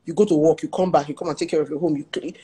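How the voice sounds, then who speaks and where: A woman with a Nigerian accent chatting frankly as a talk show guest, telling personal stories in an animated way and laughing as she goes. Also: low voice, very fast, breathy edge. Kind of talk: casual chat and personal storytelling.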